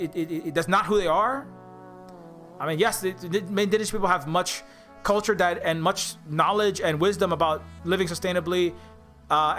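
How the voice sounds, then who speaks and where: Brief: man with a high voice, indie game developer doing video commentary, faint music underneath. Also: pushed and bright. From Hawaii. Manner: earnest, rambling, often restarts mid-thought. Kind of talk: casual video commentary, reading quotes aloud.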